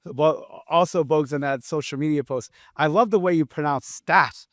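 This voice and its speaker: A man's voice: a little high, brisk, no room sound, studio quality. A man with a slight lisp, co-hosting a podcast in brash, teasing, profane casual chat. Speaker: podcast co-host.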